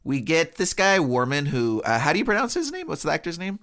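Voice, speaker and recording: A man's voice: on the high side, sing-song, brisk, a bit bright. A man co-hosting a podcast, chatting casually and recapping film scenes with frequent laughs. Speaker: podcast co-host. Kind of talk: casual chat.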